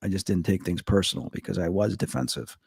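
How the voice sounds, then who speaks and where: This fifties-aged Chicago medium and paranormal investigator guests on a casual interview, spinning fast, animated stories and acting out quoted lines with big pitch jumps. His voice is gravelly and slightly rough, in a clean, dry studio recording.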